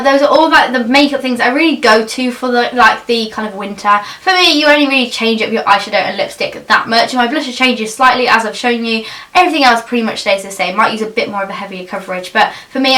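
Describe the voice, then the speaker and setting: Chatty woman, bright and off-mic. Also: a little high, recorded from a distance. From England. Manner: chatty and gushing, many fillers. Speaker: beauty vlogger. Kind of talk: casual product chat to camera.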